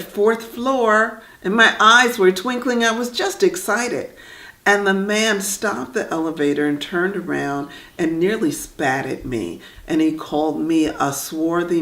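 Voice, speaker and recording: A middle-aged woman, a visual artist and writer, telling a personal story in a reflective, animated way with pauses. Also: low voice. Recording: echoey room.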